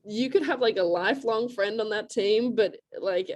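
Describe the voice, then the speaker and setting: Speaking at a normal speed in a medium pitch, this young Australian woman sounds slightly mellow. She's a college lacrosse player being interviewed casually over video, and her talk is loose and chatty, full of "like" fillers and frequent laughter.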